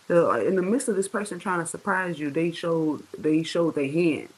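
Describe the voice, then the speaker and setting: A tarot reader giving a casual, profane reading in slang, talking straight to the viewers and drawing words out slowly for emphasis. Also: medium pitch, husky, low-quality recording. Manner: slangy, profane, chatty, addresses viewers directly.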